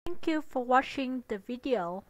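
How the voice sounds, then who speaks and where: A woman from Vietnam, a native Vietnamese speaker, reading a children's picture book aloud in a slow, deliberate, gentle way. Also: sits high, animated, poor audio. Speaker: children's storyteller.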